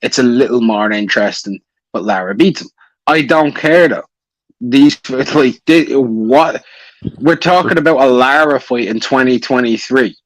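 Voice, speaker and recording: A man hosting a casual chat, ranting in an animated way and swearing freely. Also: mid-range voice, measured pace, no echo, low-quality recording.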